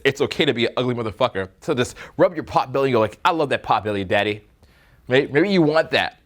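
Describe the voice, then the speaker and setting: A man coaching a live seminar room on dating, talking bluntly with swearing and jokes, slipping into mocking voices to make his points. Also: medium pitch. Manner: blunt, profane, joking, slips into mocking put-on voices.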